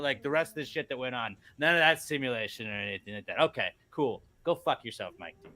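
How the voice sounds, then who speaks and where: A man's voice: on the high side, pushed and bright. A man co-hosting a podcast in casual chat, ranting and swearing in exasperation. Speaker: podcast co-host.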